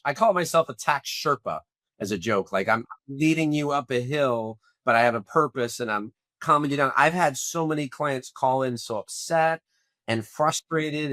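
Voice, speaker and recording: A man's voice: fairly high pitch, bright, forceful tone, no room sound. A middle-aged man hosting a podcast interview, talking in a rambling, conversational way with many restarts. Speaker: podcast host and tax accountant.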